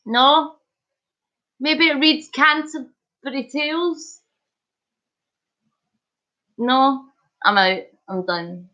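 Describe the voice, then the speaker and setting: A woman's voice: high-pitched, big pitch swings, very slow, long pauses, fairly bright tone, dull audio. A woman hosting a casual live stream, chatting and joking as she reads viewer comments. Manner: chatty, jokey, punning, laughs often. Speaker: livestream host.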